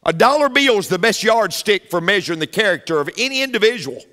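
Animated preacher with a lively high voice. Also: male voice, fast, in a large hall. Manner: emphatic and repetitive, swings between loud punches and quiet asides. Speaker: pastor. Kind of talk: sermon.

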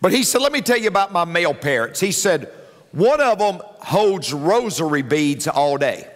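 A man preaches from the pulpit with a high, animated voice that leaps up and drops low. He hammers home his points by repeating them, and the sound rings out with long reverb in a large hall. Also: normal speed. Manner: emphatic preaching with repeated lines and big pitch swings. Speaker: pastor. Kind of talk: sermon.

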